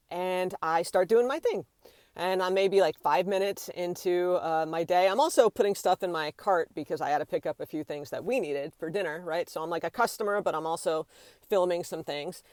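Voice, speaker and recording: A woman vlogger recounting a story in a casual, animated way, with many fillers and acted-out quotes. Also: fairly low pitch, normal speed, no room sound, studio quality. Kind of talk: storytime vlog.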